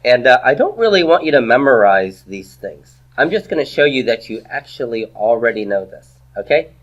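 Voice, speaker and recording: A man's voice: mid-range voice, very animated, normal speed. A man giving a classroom grammar lecture, patient, asking the class questions and repeating their answers. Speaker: Hebrew grammar teacher.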